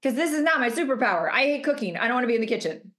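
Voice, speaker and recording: A woman's voice: on the high side, expressive, racing, fairly bright tone. A middle-aged woman coach giving an emphatic motivational masterclass over a video call, stacking up rhetorical questions. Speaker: business coach.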